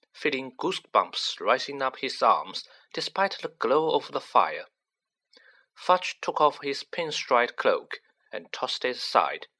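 Male audiobook narrator: slow, bright, lively in pitch. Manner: unhurried, expressive. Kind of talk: storybook narration.

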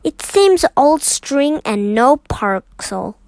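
A stern, gruff father in a storybook, read by a woman. His lines come slowly and sound close and dry. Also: high-pitched, very animated, darkish tone, no echo, voice pushed up, heavily acted, rough recording.

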